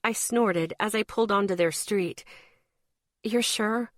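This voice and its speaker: A woman's voice: mid-range voice, moderate pace, dry recording. Woman reading an audiobook, mid voice, very dry close sound. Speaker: audiobook narrator. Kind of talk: scripted first-person narration.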